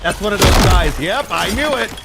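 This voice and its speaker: A man's voice: high-pitched, expressive, moderate pace, gravelly, heavy background noise. A man swearing and reacting sarcastically while commenting on the shooter game he is playing. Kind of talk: casual gameplay commentary. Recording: loud game music under voice.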